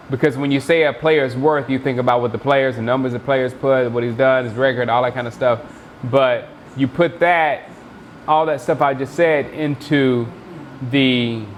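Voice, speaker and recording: Man, casual watchalong host, rambling, sleepy, mid pitch, faint hiss behind. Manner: laid-back, rambling, thinking aloud. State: sleepy, yawning. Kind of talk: casual live chat commentary.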